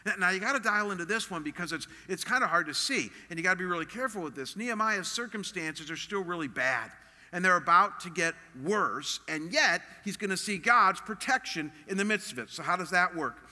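A man's voice: high-pitched, expressive, fairly quick, sharp tone, in a large hall. A man preaching a sermon as a pastor, earnest and emphatic in a conversational way.

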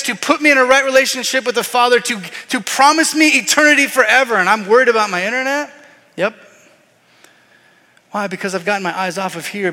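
A man preaching a sermon as pastor, telling the story in a lively way and acting out voices. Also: high voice, long reverb tail. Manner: animated storytelling, acts out voices.

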